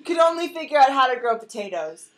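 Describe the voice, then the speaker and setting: A woman's voice: high voice, big pitch swings, quick pace, fairly bright tone, poor audio. A young woman telling a rambling drunk story at a house party, giggly and swearing.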